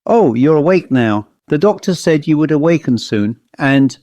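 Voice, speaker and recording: A man reading an audiobook, voicing a kindly woman nurse who speaks gently and formally. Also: a little high, animated, moderate pace, dry recording, close to an everyday voice. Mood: gentle. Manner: gentle, then formal and reassuring. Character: kindly young woman hospital nurse, calm.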